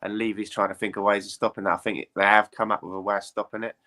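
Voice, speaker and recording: Fast-talking bright-voiced man. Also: lowish voice. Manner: chatty, animated, quick to opinion. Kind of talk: casual football chat.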